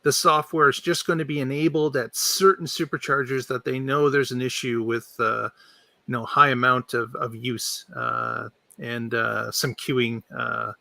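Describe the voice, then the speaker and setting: A man co-hosting a podcast, explaining his views in a measured, casual way. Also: mid-range voice, gravelly, bright, forceful tone, no echo. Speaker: podcast co-host. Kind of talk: casual panel chat.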